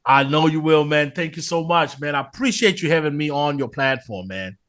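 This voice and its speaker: A man from Zimbabwe, in his thirties, chatting casually as a comedian guest in an interview, animated and quick to laugh. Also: a little high. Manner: animated, laughs often, says man and bro.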